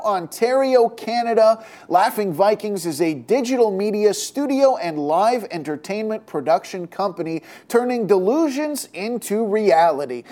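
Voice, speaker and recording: A voice reading scripted sponsor ads in a brisk sales delivery. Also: medium pitch, darkish tone. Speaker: sponsor ad reader. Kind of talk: scripted ad read.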